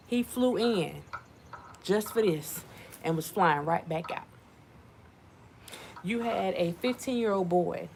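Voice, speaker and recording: A woman giving casual commentary to her viewers, animated and repetitive, talking to them as y'all. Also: lowish voice, gravelly, slight background noise. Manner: animated, repeats herself, addresses viewers as y'all. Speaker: channel host.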